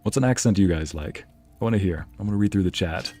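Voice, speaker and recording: A man's voice: low voice, fast, mellow. A man streaming a game, chatting casually and musing aloud as he reads out messages from his chat.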